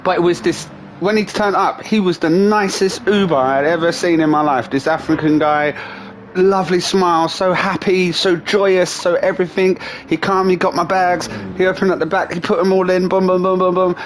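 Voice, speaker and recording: A man's voice: sits high, moderate pace, slight background noise. A man, a gaming streamer telling stories in a casual, profane rant and laughing along the way. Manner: profane, animated storyteller.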